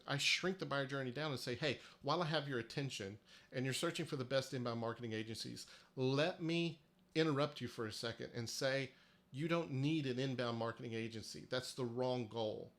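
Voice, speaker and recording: A man hosts a live-streamed marketing workshop, speaking emphatically and persuasively with frequent restarts. His mid-range voice moves a little fast and has a fairly bright tone.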